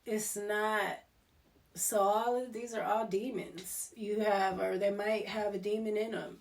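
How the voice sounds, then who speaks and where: A woman's voice: mid-range voice, fairly even intonation, measured pace. A woman giving a casual tarot reading, talking in a rambling, digressive way. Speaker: tarot reader. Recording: voice distant from the mic.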